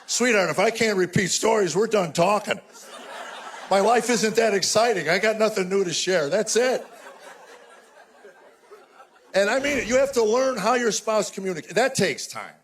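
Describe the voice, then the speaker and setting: A man's voice: high voice, normal speed, long pauses, a little hiss or hum. A man in his sixties doing a stand-up routine on a live stage, telling exasperated stories with punchy mock outrage. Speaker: stand-up comedian.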